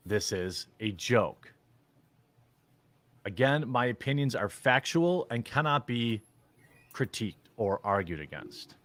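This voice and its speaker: A man's voice: mid-range voice, sing-song, slow pace, pauses often, a bit bright. A man giving casual commentary as a streamer, blunt and opinionated in a mock-serious way.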